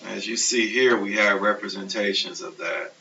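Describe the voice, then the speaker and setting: Distant gravelly man teaching a math lesson. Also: fairly low pitch, moderate pace. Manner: steady, methodical explaining, self-correcting. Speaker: math instructor. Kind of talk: recorded lecture over slides. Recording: distant, dull, hissy classroom recording.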